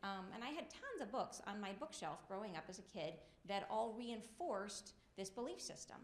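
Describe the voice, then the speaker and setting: A woman's voice: mid-range voice, very animated, normal speed. A woman giving a storytelling talk at a spiritual event, speaking conversationally and often checking in with "right?". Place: event room. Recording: roomy echo.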